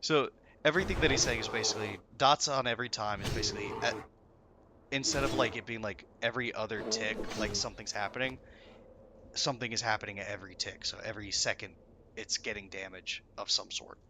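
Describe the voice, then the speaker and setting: A man's voice: fairly low pitch, fast, background noise. A man telling a story in casual chat, rambling with many fillers.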